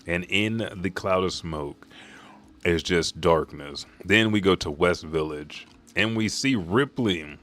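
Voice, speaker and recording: Deep-voiced man narrating a comic casually. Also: expressive, slow pace, a bit bright. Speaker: manga reaction host. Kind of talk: live comic chapter read-through.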